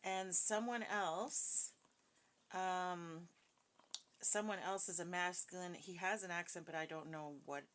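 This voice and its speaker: At home with dogs nearby, a psychic gives a casual spoken reading that includes a recited prayer. She sounds chatty and hesitant, filling her speech with fillers and small laughs, in a lowish, slightly bright voice over a faint hiss or hum.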